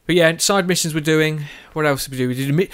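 A man's voice: fairly high pitch, quick pace, a bit bright, clear, resonant tone. A tired man, chatting casually as he plays a game and often correcting himself. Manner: rambling, self-correcting, chatty. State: tired with a sore throat. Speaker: gaming video host.

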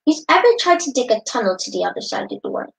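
A woman's voice: fairly high pitch, sing-song, quick pace, gravelly, rough recording. A woman reading a children's book aloud, voicing a friendly female geography teacher who explains things patiently. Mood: explaining.

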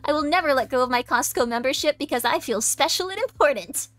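A woman's voice: high-pitched, lively intonation, fast talker, fairly bright tone. A woman streamer chatting casually with her live chat, bubbly and self-deprecating, with lots of giggles and "like.". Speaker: VTuber streamer.

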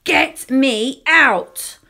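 A woman voicing a cranky little girl throwing tantrums, whiny and shouting in drawn-out words. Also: high-pitched, gravelly, pitched above the performer's own voice, full character voice.

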